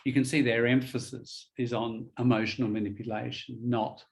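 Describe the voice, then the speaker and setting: A man's voice: mid-range voice, flat delivery, moderate pace, gravelly, low-quality recording. Man, English teacher, patient explanations, casual lesson talk. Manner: explains patiently, spells words out, many fillers. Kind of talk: conversational one-on-one lesson.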